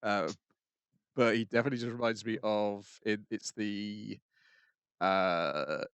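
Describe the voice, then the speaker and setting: A man with a lowish voice recaps an episode on a podcast, hesitant and dry, with frequent ums. His voice is recorded close, with no room sound. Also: steady tone, slow pace, a bit bright, clean tone, no room sound. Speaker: podcast co-host. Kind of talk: casual chat recapping anime.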